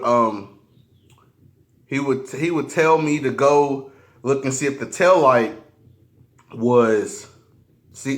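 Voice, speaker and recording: A man's voice: mid-range voice, fairly bright tone. A man telling a personal story while eating on camera, slangy and profane, often stopping and restarting. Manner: halting, restarts a lot. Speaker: mukbang vlogger.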